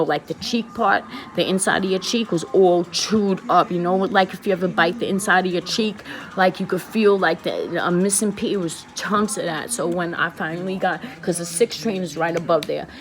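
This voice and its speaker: A woman, speaking straight to her viewers in a casual, confessional storytelling vlog, emphatic and repeating herself for weight. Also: fairly low pitch. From the Bronx, New York. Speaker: vlogger.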